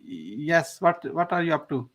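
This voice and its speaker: A man's voice: a little high, big pitch swings, measured pace, a bit bright. A man from the USA hosting a podcast, asking questions eagerly with many fillers and praising the answers. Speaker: podcast host. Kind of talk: interview questions.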